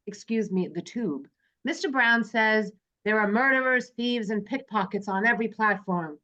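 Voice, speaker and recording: A woman's voice: medium pitch, normal speed, sharp tone. A woman hosting a casual movie club chat, reading from her notes and joking with friends. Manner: chatty, jokey, reads from prepared notes. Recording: dull lo-fi sound.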